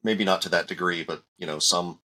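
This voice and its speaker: A man co-hosting a podcast, reflecting in a halting way with repeated words. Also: deep voice, steady tone, sharp tone. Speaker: podcast co-host. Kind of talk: casual chat.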